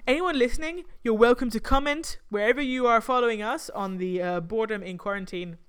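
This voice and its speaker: Opinionated, teasing woman co-host; higher register, relaxed podcast banter. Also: a little fast, clear, resonant tone. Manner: opinionated, teasing, says "reckon". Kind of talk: casual chat.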